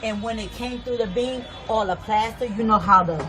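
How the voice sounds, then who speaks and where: A woman's voice: fairly high pitch, moderate pace, low-quality recording. A woman, a resident, agitatedly retelling how bullets came through her home, repeating herself as she goes. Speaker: resident telling of a shooting. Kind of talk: casual storytelling.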